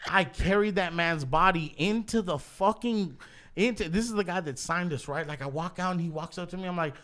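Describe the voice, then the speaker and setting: A man spins a rowdy story on a podcast, his voice sitting a little higher than most men's. He swears constantly, breaks into laughter, and slips into quick impressions of the people he describes. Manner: profane, laughing storyteller, animated quoting. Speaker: podcast host. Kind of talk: casual storytelling.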